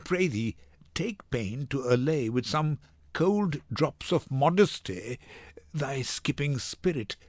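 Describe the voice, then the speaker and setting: A man's voice: mid-range voice, animated, no echo. A man reading a grave young nobleman. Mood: admonishing. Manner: grave, deliberate Shakespearean verse. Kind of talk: dramatic reading.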